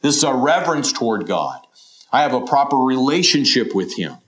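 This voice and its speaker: A man's voice: mid-range voice, big pitch swings, brisk. A middle-aged man preaching a sermon in an earnest, questioning way, often voicing imagined listeners. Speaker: pastor.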